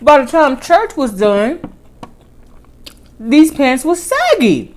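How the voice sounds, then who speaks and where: A woman vlogger telling a personal story in casual chat, animated, with lively swings in pitch and volume. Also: slow pace, slight background noise.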